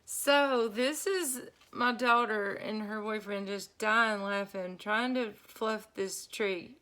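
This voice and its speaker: A middle-aged woman telling a story casually while she crafts, chatty and quick to laugh, with lots of y'all. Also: medium pitch, sharp tone. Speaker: craft vlogger.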